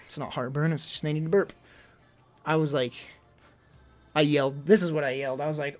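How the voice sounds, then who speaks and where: A man's voice: fairly high pitch, normal speed, vocal fry, pauses often, a bit bright, soft background music. A young man venting in casual livestream chat, rambling and exasperated, full of fillers.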